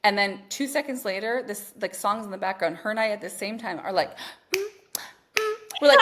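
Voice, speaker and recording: A woman's voice: mid-range voice, brisk, heavy background noise. A woman coach and mother telling stories in a casual podcast chat, swearing freely and acting out each scene. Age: adult mother. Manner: profane, animated storytelling. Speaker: spiritual business coach.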